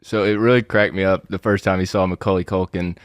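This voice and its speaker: Laid-back low-voiced male podcast host. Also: fairly quick, no room sound, clean studio sound. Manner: relaxed, asks questions, laid-back. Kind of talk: casual chat. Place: podcast studio.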